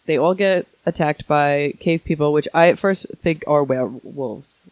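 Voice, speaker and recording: A woman co-hosting a podcast in a casual chat, chatty and animated, often giggling. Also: deep voice, normal speed, dry recording. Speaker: podcast co-host.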